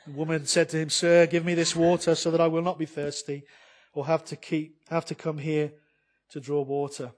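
A man gives a sermon full of rhetorical questions, swinging from loud, emphatic passages to soft, subdued ones. His pitch runs somewhat high, his tone stays level, and his pace is moderate.

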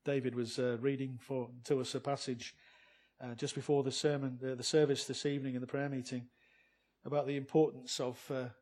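A man preaching a sermon to his congregation, with many rhetorical questions, swinging between loud emphatic lines and soft quiet ones. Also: mid-range voice, little pitch movement, brisk.

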